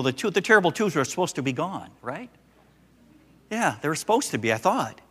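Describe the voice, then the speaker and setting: An older man, a pastor, preaching a sermon and telling a story with animated, acted-out voices. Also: medium pitch, in a large hall.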